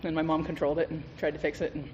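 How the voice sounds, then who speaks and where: A man's voice: fairly high pitch, little pitch movement, very fast, darkish tone, dull audio. A man giving a candid, profane recovery testimony as a guest speaker at a meeting, telling his story with laughs. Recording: reverberant hall with faint noise.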